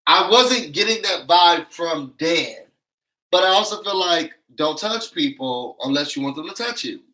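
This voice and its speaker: Male show reviewer, bright and sassy, emphatic, slightly high voice. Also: poor audio. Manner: sassy, emphatic, acts out quotes. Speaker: YouTube reality-show reviewer. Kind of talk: animated recap commentary.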